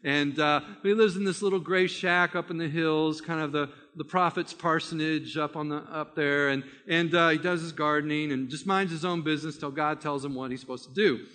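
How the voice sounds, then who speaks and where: A man preaching a sermon by retelling a story, animated and vivid, with frequent restarts. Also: on the high side, normal speed, hardly any pauses, long reverb tail.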